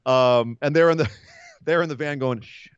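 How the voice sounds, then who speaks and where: A man co-hosting a casual wrestling podcast, talking fast and acting out scenes with funny voices. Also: mid-range voice, smooth, dry recording, lo-fi sound. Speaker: podcast co-host.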